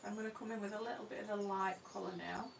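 Gravelly-voiced woman painting live, roomy. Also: medium pitch, steady tone, racing, recorded from a distance, a little hiss or hum. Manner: homely and self-deprecating, talks to herself as she works. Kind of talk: live painting demonstration, chatty commentary. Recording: roomy sound from away from the mic.

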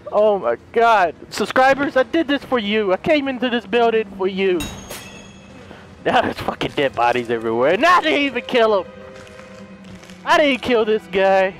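A man's voice: sits high, expressive, normal speed, a bit bright, soft background music. A young man giving jumpy, profanity-laden commentary while playing a horror game, yelping when startled. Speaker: let's play gamer. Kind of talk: live gameplay commentary.

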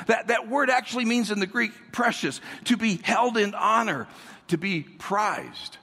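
A man's voice: sits high, big pitch swings, slow, creaky, sharp tone, breathy edge, long reverb tail. A man giving a sermon as a guest pastor in a large church, speaking energetically, repeating words and calling on the congregation to answer back.

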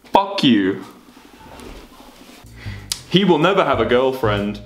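A man's voice: medium pitch, big pitch swings, slow pace, long pauses, reverberant, soft background music. A young man streaming, reacting to fan memes in casual, sweary, mock-indignant banter.

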